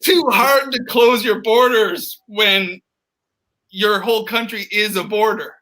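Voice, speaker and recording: A man's voice: high-pitched, steady tone, takes it slowly, bright, forceful tone, rough recording. A man from Canada, a comedy writer guest on a video call, speaking in a wry, offhand way.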